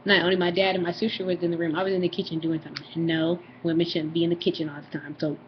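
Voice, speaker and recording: A woman's voice: on the low side, flat delivery, racing, lo-fi sound, a little hiss or hum. A young woman vlogger telling a story to the camera in a casual, rambling way, full of fillers and acted-out family voices.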